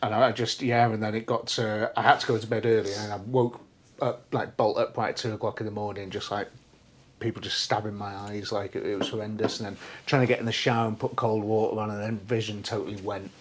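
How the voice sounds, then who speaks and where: A young podcast co-host with a fairly low voice tells a story quickly in casual conversation. He's animated, swears freely and acts out what people said.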